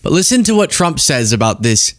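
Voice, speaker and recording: A man's voice: on the high side, a little fast, noisy background. A young man hosting a political commentary show, talking casually and sarcastically with frequent laughs. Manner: animated, sarcastic, laughs often.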